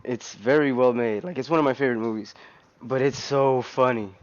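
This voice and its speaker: A man's voice: medium pitch, brisk, lo-fi sound. A man casually chatting on a racing game live stream, rambling with many fillers and restarts. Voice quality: rambling, lots of fillers and restarts, laughs often. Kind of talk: casual gaming stream chat.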